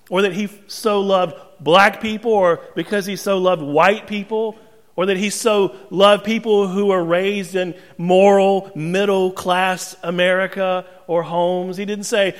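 Male pastor, emphatic sermon, slow deliberate pace, reverberant church. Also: high voice. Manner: emphatic preaching with dramatic pauses and rhetorical questions.

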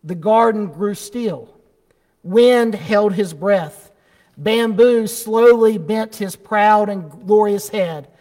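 A preacher with a high voice delivers his sermon slowly, leaning hard on his key words. He tells his story in the same deliberate way. A long church reverb carries his voice around the room. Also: a little mellow. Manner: slow, deliberate and emphatic.

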